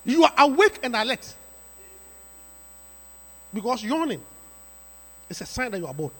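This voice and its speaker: A pastor preaching a sermon to his congregation, emphatic and repetitive, with sudden rising shouts. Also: very high-pitched, very animated, measured pace, breathy edge. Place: church sanctuary. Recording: reverberant church hall.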